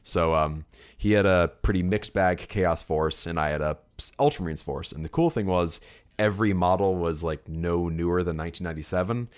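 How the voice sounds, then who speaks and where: A low-pitched, brisk man co-hosting a podcast tells a long, meandering story in casual chat, full of fillers and restarts.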